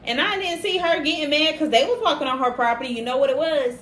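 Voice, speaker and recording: A woman with a high voice hosts a casual podcast, speaking emphatically and circling back on her phrases to drive each point home. She sounds worked up and passionate. The recording is roomy, with a faint hum of noise behind her. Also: fast, a bit bright. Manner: emphatic, repeats phrases for stress, gets heated. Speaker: podcast host.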